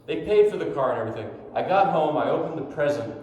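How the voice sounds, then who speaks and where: Man from New Jersey, animated storyteller. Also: a little high, quick pace. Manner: animated, often laughing as he tells it. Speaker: classical pianist telling a story. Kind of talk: personal anecdote storytelling. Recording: echoey hall, long reverb, faint noise.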